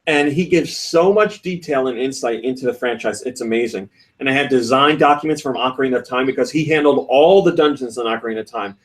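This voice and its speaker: A man hosting a casual podcast, reading listener comments and retelling stories in an animated way, often laughing. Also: mid-range voice, fast, few pauses, far from the mic. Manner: animated storytelling with frequent laughs; reads listener comments aloud. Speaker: podcast host.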